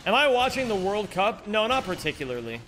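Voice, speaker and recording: Lively, bright-voiced male streamer joking. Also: high voice, a little fast, faint music behind. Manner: joking, self-mocking, reads chat aloud and answers it. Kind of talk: casual live-stream chat while speedrunning.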